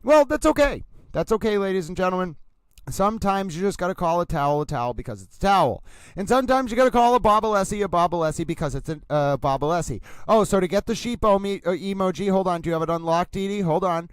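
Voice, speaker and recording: Mock-grand Massachusetts man, smooth announcer voice. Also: high voice, fast, no room sound. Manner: announcer-like delivery, mock-grand, keeps addressing "ladies and gentlemen". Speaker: livestream host. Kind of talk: playful rambling livestream commentary.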